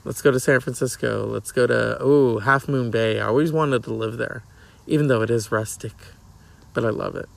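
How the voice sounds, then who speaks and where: Gravelly, profane middle-aged podcast host. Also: male voice, medium pitch, steady tone, normal speed. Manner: profane, joking, chatting to his cat. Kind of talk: casual rambling monologue.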